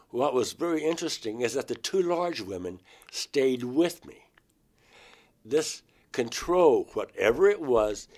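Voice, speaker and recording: A man from Georgia in the United States speaks as an interview guest. His voice sits on the low side. He retells a personal experience vividly and emotionally, acting out his own words. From Georgia, USA.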